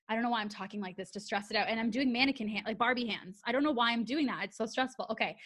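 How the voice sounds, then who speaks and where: A woman hosting a casual podcast interview, gushing and excitable, swearing freely. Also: a little high, quick pace. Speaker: podcast host.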